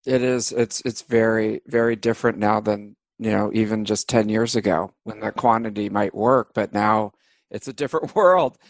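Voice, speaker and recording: A man's voice: on the low side, normal speed, no room sound. A man hosting a podcast interview, easygoing and joking as he asks his guest questions. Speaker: podcast host. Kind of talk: casual interview chat.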